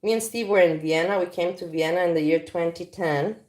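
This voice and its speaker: A woman hosts a casual livestream from her kitchen, talking to viewers in a frank, rambling way. Her voice sits a little low, and the sound is picked up by a phone. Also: fairly quick, a little mellow. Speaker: livestream host. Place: home kitchen.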